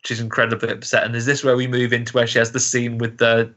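A man's voice: mid-range voice, monotone, fast, a bit bright. A man in casual chat about a film, chatty and quoting characters in put-on voices. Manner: chatty, acts out quotes in voices.

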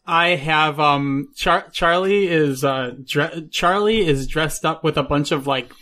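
Woman player, lower voice, hesitant scene description, tabletop game. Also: slow, a bit bright.

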